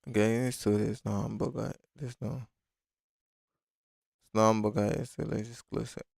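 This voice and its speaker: A man's voice: on the low side, fairly even intonation, moderate pace, creaky, a little mellow, breathy edge, no room sound, studio quality. A man hosting a casual live-stream design tutorial, talking loosely and thinking aloud with many fillers. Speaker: design instructor.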